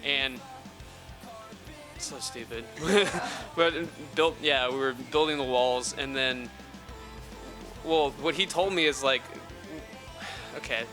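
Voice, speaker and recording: Young man chatting over clear music. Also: medium pitch, takes it slowly, pauses often. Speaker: band member guest. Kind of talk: casual storytelling chat. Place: outdoor festival grounds.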